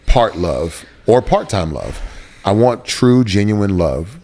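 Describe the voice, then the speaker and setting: An earnest man with a lowish voice tells a personal story as an interview guest. He searches for words and circles back to repeat phrases for emphasis. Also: sing-song, slow, warm tone. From Houston, Texas.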